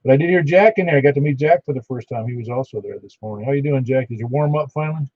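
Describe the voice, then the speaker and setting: A folksy man hosting a ham radio net, chatting easily and rattling off call signs. His voice sounds mellow and dark, dry and close. The audio comes through dull and lo-fi. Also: mid-range voice, very fast, dry recording. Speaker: net control for an amateur radio net. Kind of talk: casual on-air radio net chat.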